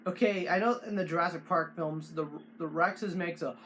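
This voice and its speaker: A man hosting a casual how-to video, talking in halting bursts with frequent restarts and fillers. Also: fairly high pitch, fairly bright tone, a little hiss or hum. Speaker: tutorial host.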